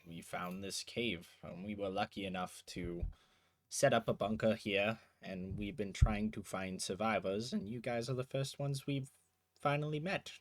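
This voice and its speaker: A weary older woman survivor, holed up in a wasteland bunker, as a man puts her on in his own low voice. She answers plainly and without hurry, matter-of-fact about her hard situation. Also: steady tone, moderate pace, natural voice.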